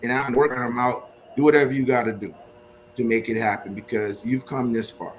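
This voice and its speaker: A man's voice: mid-range voice, fairly even intonation, fairly quick, slight background noise, poor audio. Earnest man giving marriage advice. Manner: earnest, advising, faith-based. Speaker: married guest. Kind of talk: casual podcast advice.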